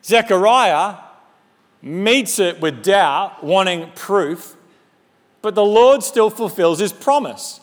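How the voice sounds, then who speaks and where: High-voiced man preaching in a reverberant hall. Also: slow. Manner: animated conversational preaching with humorous asides. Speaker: pastor. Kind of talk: sermon.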